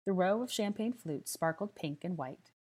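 Woman reading a story out loud, low pitched, calm steady narration. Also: moderate pace. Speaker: audiobook reader. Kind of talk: scripted narration.

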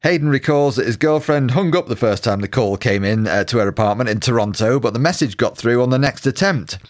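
A man's voice: medium pitch, animated, fairly quick. A man co-hosting a music podcast, chatting and telling anecdotes in a conversational way. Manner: conversational, storytelling, reading out quotes. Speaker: podcast co-host. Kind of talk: casual music chat.

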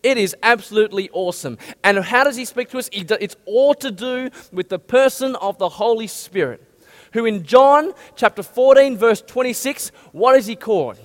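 A male pastor preaching a lively sermon and asking his listeners many questions. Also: very high voice, moderate pace. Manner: animated, asks the audience many questions. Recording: long hall reverb.

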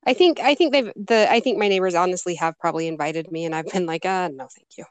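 A woman's voice: lowish voice, fast, clean tone, no room sound. Thoughtful woman, dry close sound. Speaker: podcast co-host. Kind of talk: casual chat.

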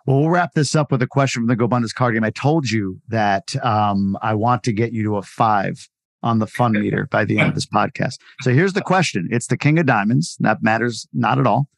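A man hosting a podcast, upbeat and energetic, wrapping up the episode. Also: lowish voice, brisk, creaky, dry recording, clean studio sound. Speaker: podcast host.

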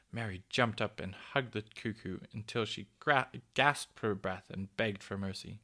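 A man reading a children's story aloud in a gentle, measured way. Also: on the low side.

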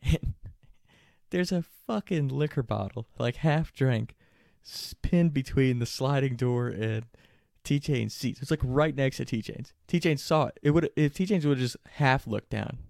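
Young male storyteller, casual and profane, mid-pitch, dry close mic. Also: measured pace, vocal fry, no room sound. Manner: animated, profane, laughing while telling.

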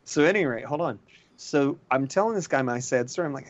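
A man co-hosting a podcast in casual chat, telling stories with animated energy and frequent laughs. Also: mid-range voice, fast talker. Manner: animated storyteller, laughs often. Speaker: podcast co-host. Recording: dull lo-fi sound.

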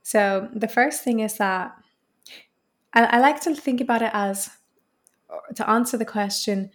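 A woman's voice: a little high, unhurried. A woman speaking as a guest in an interview, earnest and flowing, often repeating a phrase for emphasis as she explains. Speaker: voice coach guest. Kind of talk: reflective interview answer.

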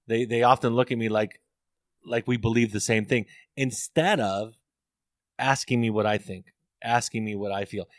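A middle-aged man, a therapist and author, speaks at a medium pitch in a studio-quality recording with no echo. He talks earnestly and tells stories in a reflective interview, often repeating words as he thinks.

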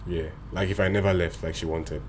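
Deep-voiced young man bantering. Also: steady tone, a little fast, slight background noise. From Nigeria. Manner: joking, profane banter. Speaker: podcast co-host. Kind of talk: casual chat.

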